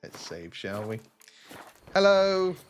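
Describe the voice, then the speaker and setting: With music playing underneath, a southeast English man offers laid-back, self-mocking commentary while streaming a game. He talks at a measured pace in a mid-range voice, and his S sounds carry a slight lisp.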